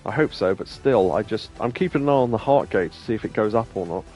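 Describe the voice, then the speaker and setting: A man with a lowish voice hosts a casual let's-play session, joking with a friend and reading the game's lines aloud. He laughs easily and keeps up a loose, playful chatter. Faint game music plays underneath. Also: lively intonation, quick pace, a little mellow. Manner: chatty, jokey, reads game text aloud, laughs often. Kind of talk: casual gameplay commentary.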